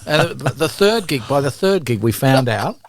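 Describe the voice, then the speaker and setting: An Australian man, a podcast guest and musician, telling stories in casual chat, animated and swearing freely as he acts out quotes. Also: mid-range voice, moderate pace, vocal fry. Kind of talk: casual storytelling.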